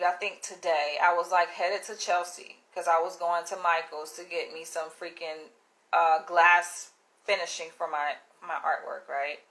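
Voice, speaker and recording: A woman's voice: on the low side, rough recording. A woman vlogger ranting bluntly and with exasperation to her audience, swearing as she reads emails aloud. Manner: exasperated, blunt and animated, with profanity. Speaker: YouTuber. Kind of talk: casual vlog rant.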